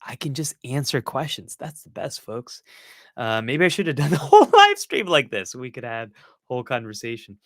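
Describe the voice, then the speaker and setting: A man's voice: mid-range voice, wildly swooping pitch, normal speed, dry recording, studio quality. A man hosting a live-stream Q&A, answering viewer questions in an earnest, encouraging way with self-mocking asides.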